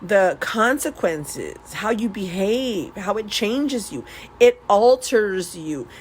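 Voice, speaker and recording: A woman's voice: medium pitch, lively intonation, takes it slowly, poor audio. Woman just talking to her followers at home, kinda rambly and open, little hiss behind her. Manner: rambling, candid, frequent restarts and laughs. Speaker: beauty vlogger swatching nail products. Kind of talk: casual confessional chat.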